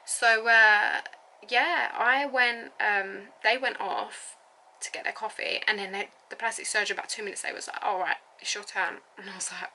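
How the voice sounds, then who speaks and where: A woman's voice: mid-range voice, fairly even intonation, normal speed, sharp tone, slight background noise, rough recording. A young woman in her twenties, casually telling a personal story with many fillers and giggles. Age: 20s. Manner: rambling, lots of fillers and likes, giggly. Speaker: vlogger.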